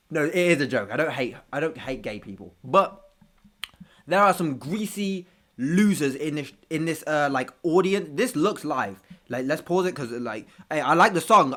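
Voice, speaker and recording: A man's voice: fairly high pitch, a bit bright. A man with street hosting a reaction video, ranting casually with profanity and self-mocking jokes.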